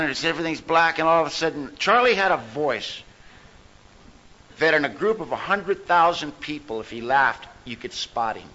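Forceful storytelling man at a meeting. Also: on the high side. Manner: emphatic, humorous storytelling. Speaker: speaker at a recovery meeting. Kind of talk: personal recovery testimony. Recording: dull lo-fi recording with faint noise.

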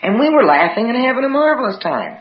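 A woman's voice: a little high, big pitch swings, quick pace. A woman telling a personal story to a live audience, dramatically acting out the voices of her family. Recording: roomy, dull recording with background noise.

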